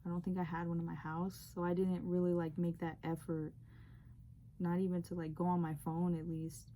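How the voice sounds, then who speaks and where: Young female vlogger with a low, mellow voice; earnest, rambling testimony full of fillers. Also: flat delivery, moderate pace, a little hiss or hum. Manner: rambling, heavy use of "like". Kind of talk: emotional personal storytelling.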